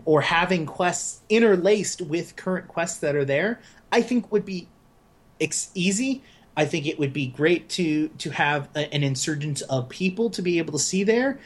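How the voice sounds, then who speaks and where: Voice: medium pitch, animated, moderate pace. A co-host of a casual gaming podcast who gives opinions and explains them at length, with many fillers.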